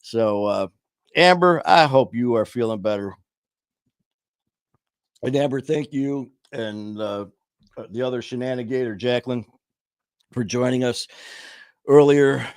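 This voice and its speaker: A man's voice: lowish voice, clear, resonant tone, no room sound, clean studio sound. A man from Detroit hosting a podcast, telling jokey stories about himself in a casual chat, laughing at his own punchlines. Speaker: podcast host.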